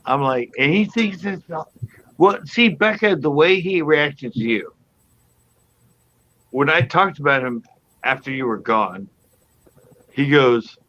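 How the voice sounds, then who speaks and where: A man's voice: a little high, slow pace, long pauses, a bit bright, highs cut off, a little hiss or hum. A man hosting a casual live panel chat, telling stories in a rambling way with many restarts. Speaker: host.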